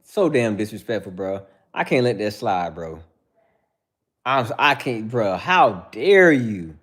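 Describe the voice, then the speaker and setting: Here the male livestream host has a fairly low, slightly bright voice with lively intonation and a somewhat slow pace. He replies to chatters by name with casual, heated, preachy talk and a constant stream of "bro."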